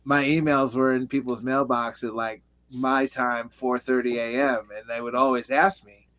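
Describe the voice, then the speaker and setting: A man from California talks casually as a show guest. He rambles easily, peppering his stories with "you know" and "like." His voice sits in an ordinary middle pitch. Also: level tone, moderate pace, fairly bright tone. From Reseda, California. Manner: easygoing storyteller, frequent "you know" and "like". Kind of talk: casual chat.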